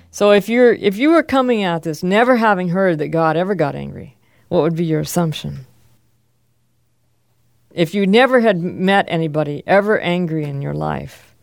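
A man's voice: fairly high pitch, moderate pace, gravelly, long pauses, dry recording, clean studio sound. A man teaching a class, reading scripture aloud and asking his students questions in a conversational way.

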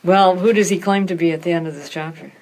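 A woman's voice: lowish voice, steady tone, quick pace, a little mellow, a little hiss or hum. A woman in a group Bible discussion who explains scripture thoughtfully and often restarts her sentences. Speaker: Bible study participant.

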